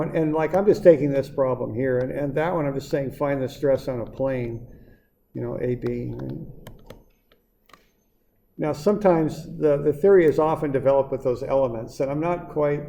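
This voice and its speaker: A gravelly-voiced man lectures an engineering class in an easygoing, repetitive manner, often checking in with his students. His voice is dark and mellow. The sound is roomy, with a faint hiss in the background. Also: mid-range voice. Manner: relaxed, repetitive, reassuring explaining. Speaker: engineering instructor. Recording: echoey classroom with faint noise.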